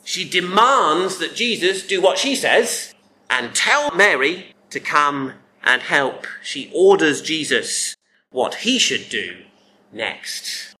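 Man preaching slow and chatty, bright tone, lots of tag questions. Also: fairly high pitch, big pitch swings, slight background noise. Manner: conversational, with frequent tag questions to the congregation. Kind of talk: sermon.

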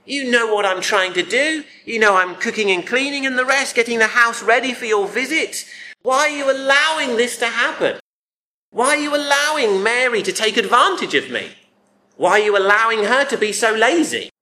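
A man's voice: extremely high pitch, lively intonation, moderate pace, sharp tone, pitched above the performer's own voice, full character voice. A man voicing an exasperated, overworked woman as she rants with pleading, accusing questions. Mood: angry, accusing. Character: exasperated woman, overworked hostess, demanding and bitter.

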